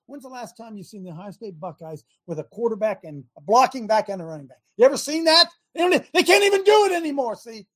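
Male host, fiery sermon-style monologue, shouts for emphasis. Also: very high voice, very animated, fast talker. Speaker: talk show host. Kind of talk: preaching talk show monologue.

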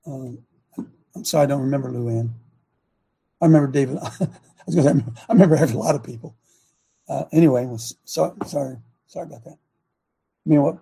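A man hosting a long-running preaching talk show, with a gravelly, fry-edged voice. His tone is dark and husky, and he presses rhetorical questions emphatically, like a sermon. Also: medium pitch, brisk, pauses often.

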